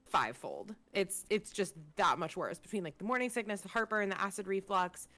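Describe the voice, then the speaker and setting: A pregnant young woman co-hosting a podcast, chatting casually with quick asides. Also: medium pitch, animated, pushed and bright. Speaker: podcast co-host.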